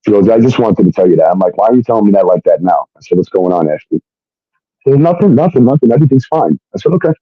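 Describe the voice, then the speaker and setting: A man's voice: on the low side, fast, no echo, highs cut off. A man telling his own story in casual talk, swearing often and acting out what others said. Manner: profane, animated retelling with quoted dialogue.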